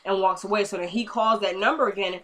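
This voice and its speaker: A young woman recapping a TV episode in casual chat, animated and talking straight to her viewers. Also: medium pitch, fast. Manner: chatty, animated, addresses viewers as y'all. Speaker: TV episode reviewer.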